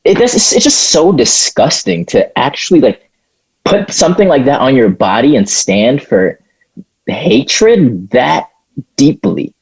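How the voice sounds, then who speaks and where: A man co-hosting a podcast in casual chat, rambling and halting, restarting his sentences often. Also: medium pitch, big pitch swings, a little mellow, slightly rough, rough recording. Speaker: podcast co-host.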